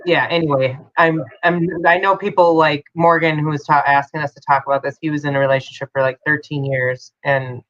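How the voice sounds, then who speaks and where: A woman's voice: low-pitched, fairly even intonation, fairly quick, hardly any pauses, muffled recording. A woman co-hosting a casual live-stream chat, talking openly and laughing often. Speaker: co-host.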